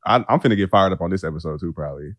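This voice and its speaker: Deep-voiced joking man co-hosting. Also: rapid-fire, no room sound, studio quality. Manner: laughs often, animated and joking. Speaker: podcast co-host. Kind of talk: casual chat.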